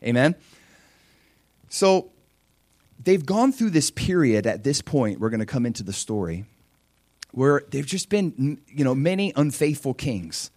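A man preaching a sermon, lively, acting out prayers and quotes. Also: mid-range voice, measured pace, pauses often, no echo. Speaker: pastor.

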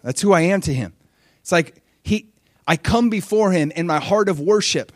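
Animated preacher man, dry sound. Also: moderate pace, no room sound. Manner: animated, acts out voices with high-pitched exclamations. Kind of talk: sermon.

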